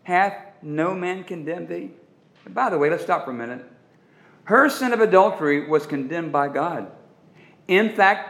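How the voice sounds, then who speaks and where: A man preaching with a fairly high voice, pausing dramatically and stretching out his key words. His voice rings around a roomy, echoey space. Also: fairly bright tone. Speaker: pastor. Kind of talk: sermon.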